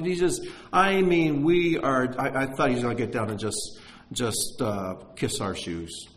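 A man preaching a sermon, telling stories with energy and dropping to a hush for emphasis. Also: medium pitch, slight background noise, rough recording. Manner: animated storyteller, drops to a hush for emphasis.

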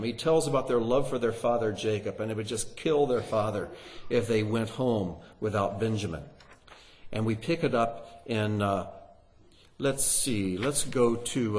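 Working through a passage of the Bible, a medium-pitched man reads the verses aloud, his emphasis rising as he goes. He teaches by putting rhetorical questions to those listening.

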